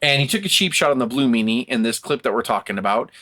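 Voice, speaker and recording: A man's voice: medium pitch, expressive, quick pace, sharp tone. A man hosting a wrestling podcast, ranting angrily and with a lot of profanity, mocking other people in put-on voices. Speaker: podcast host. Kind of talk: heated casual chat.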